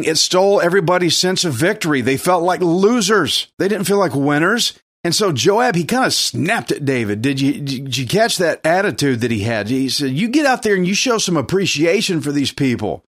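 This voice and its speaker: Male preacher, slightly high voice, plainspoken and conversational when explaining scripture, dry close sound. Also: fairly bright tone, no room sound. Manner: conversational, plainspoken, asks the listeners questions. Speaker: pastor. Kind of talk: expository Bible teaching sermon.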